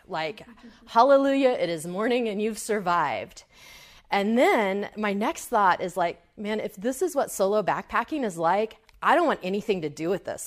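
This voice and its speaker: Woman telling a lively outdoor story. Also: mid-range voice. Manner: animated, acts out her own inner voice. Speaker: speaker at a summit. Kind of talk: storytelling talk.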